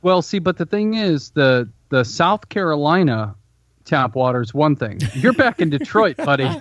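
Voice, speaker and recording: A man's voice: on the high side, very animated, normal speed, fairly bright tone, dry recording. A man co-hosting a podcast, teasing his co-host bluntly in casual chat, often restarting his sentences. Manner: blunt, teasing, hesitant starts.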